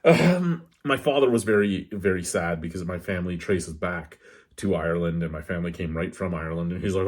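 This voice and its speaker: A man with a slightly low, husky voice, casually reviewing a beer on camera. He chats loosely and wanders off into tangents before coming back. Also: fairly quick. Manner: rambling, digressive, candid; talks with his hands.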